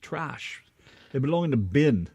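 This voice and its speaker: A man's voice: medium pitch, sing-song, a little slow, warm tone, slightly rough. A man co-hosting a casual radio show, joking and rambling in a loose, chatty way. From United States.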